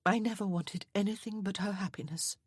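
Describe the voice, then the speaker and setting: A gentle, regretful older mother, as a woman narrator voices her. Her speech is soft and measured, with a faint husk. The sound is close and dry. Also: mid-range voice, breathy edge, no echo, voice pushed up, close to an everyday voice.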